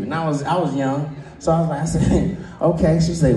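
A man doing a stand-up comedy set, who often laughs at his own jokes and jumps into high voices for the people he quotes. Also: lively intonation, moderate pace, mellow, far from the mic. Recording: roomy sound from away from the mic.

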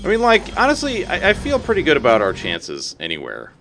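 A man's voice: a little high, brisk, faint music behind. A man streaming live gameplay, chatting to his viewers and to the creatures on screen, yelping and cursing when things go wrong. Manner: excitable, talks to game creatures, yelps and curses.

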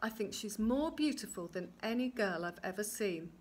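A woman's voice: medium pitch, animated, moderate pace, lightly acted. A woman playing a grand young king. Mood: assured.

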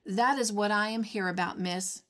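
A woman's voice: on the high side, moderate pace, close to an everyday voice. A woman voicing a short, fat, bald old farmer who splutters with anger and keeps saying "miss" indignantly. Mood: furious.

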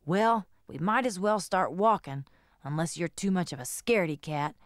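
A woman's voice: on the low side, expressive, moderate pace, very noisy, natural voice. A woman voicing a restless young male toy dog who whines and blurts things out. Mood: whiny. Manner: whiny and blurting. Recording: guitar music behind.

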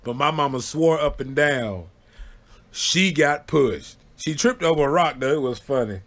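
A man casually telling funny childhood stories, animated, breaking into loud high yelps when he acts out what people said. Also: measured pace. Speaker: storyteller. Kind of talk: casual storytelling to camera.

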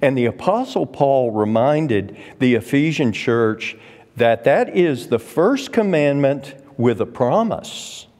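A man's voice: medium pitch, lively intonation, takes it slowly, a little mellow. A man teaching a Sunday school Bible class, emphatic, repeating his points and quoting scripture. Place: church classroom. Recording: long church reverb.

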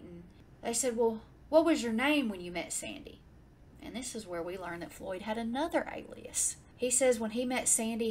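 A woman's voice: mid-range voice, a little hiss or hum. A woman hosting a casual true-crime podcast, recapping a case in a chatty way and breaking into exasperated rants. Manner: chatty, swings into exasperated ranting. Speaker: podcast host.

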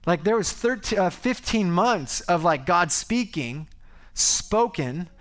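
A male pastor preaching to his congregation in a loose, conversational style. He grows animated and often cuts himself off to restart a thought. His voice sits high for a man. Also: takes it slowly. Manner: conversational, animated, self-interrupting. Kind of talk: sermon. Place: church service before a congregation.

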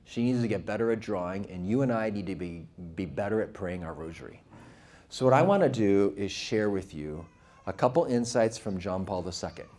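A Catholic speaker giving a talk to a live audience, earnest and conversational, who often asks the audience questions. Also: male voice, fairly low pitch, expressive, fairly quick, a little mellow. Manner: vivid storytelling with quoted voices.

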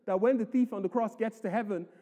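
Guy preaching in a church, pretty high voice, mellow tone, emphatic, echoey hall. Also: quick pace. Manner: emphatic preaching, reads scripture aloud. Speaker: pastor. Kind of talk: sermon.

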